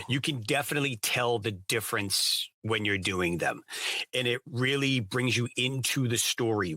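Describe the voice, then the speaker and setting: A man hosts a casual podcast chat, his voice bright and forceful. He talks with eager enthusiasm, heaping on praise. The sound is dry and close. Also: mid-range voice, no echo. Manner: enthusiastic, gushing. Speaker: podcast host.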